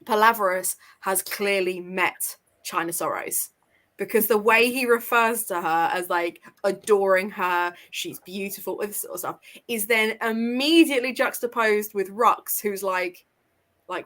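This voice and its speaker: A woman's voice: medium pitch, a little slow, fairly bright tone. A woman hosting a casual live book discussion, chatty and explaining at length with plenty of fillers. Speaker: host.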